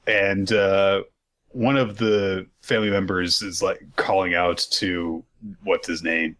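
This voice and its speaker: A man with a fairly low voice runs through a weekly recap in relaxed podcast chat. He rambles, piles on fillers, and swears for laughs. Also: slow. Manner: loose and rambling, many fillers, jokey profanity. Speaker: podcast co-host.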